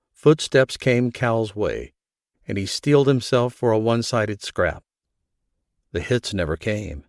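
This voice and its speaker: A man reading an audiobook as scripted narration, in a steady, even storytelling manner. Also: lowish voice, unhurried, dry recording, studio quality.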